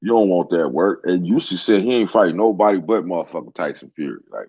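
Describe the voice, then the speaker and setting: A man with a very low, deep voice rants about sports in a heated, profane way. The sound is dry and close, with a dull, lo-fi quality. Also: expressive, fast, warm tone, breathy edge, no echo. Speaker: sports commentator. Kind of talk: casual rant.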